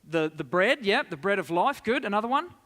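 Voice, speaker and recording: Man, slightly high voice, relaxed Bible teacher quizzing his congregation, reverberant church hall. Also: brisk. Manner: conversational, asks the congregation questions. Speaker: preacher.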